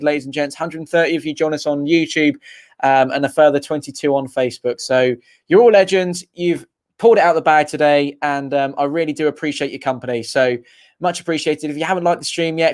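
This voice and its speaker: A young man giving partisan live fan commentary on a stream, chatty and excitable, thanking viewers and cheering his team. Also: on the high side.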